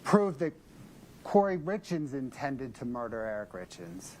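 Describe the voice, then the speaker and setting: A man's voice: medium pitch, very animated, darkish tone. Male prosecutor, methodical closing argument, faint hiss behind. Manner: measured, methodical, emphatic. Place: courtroom.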